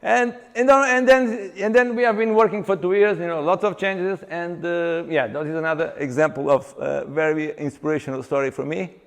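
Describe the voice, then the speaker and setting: A high-pitched man gives a seminar talk in a hall with a long echo. He tells stories with animation, stops and restarts his sentences, and acts out what his clients say. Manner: animated storyteller who acts out client dialogue; halting, with many restarts and fillers. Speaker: seminar speaker, exercise coach. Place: seminar venue with long reverb. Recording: reverberant hall recording.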